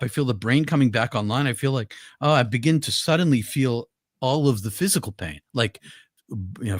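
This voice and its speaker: A man's voice: medium pitch, no echo, clean studio sound. An older man, a guest, earnestly telling a personal story with vivid detail and frequent restarts. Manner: earnest, vivid, with many restarts and repeated words.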